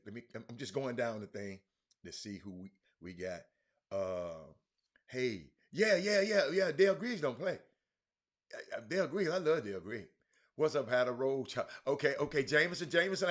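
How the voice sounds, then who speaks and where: A man hosts a loose sports talk livestream at a mid-range pitch. He rambles, restarts his sentences and keeps calling out to viewers in the chat by name. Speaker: sports talk show host.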